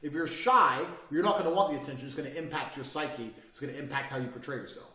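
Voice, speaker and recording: A man's voice: medium pitch, quick pace, pushed and bright. A man teaching a course on body language and speaking, brash and profane, pushing his points hard and mocking people who hesitate. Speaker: online course presenter. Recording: roomy echo, mic at a distance.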